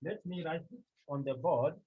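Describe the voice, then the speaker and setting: A man's voice: fairly high pitch, animated, moderate pace, slightly rough, phone-quality sound. A man teaching a Greek grammar lesson to a class, repeating key phrases and asking the students questions.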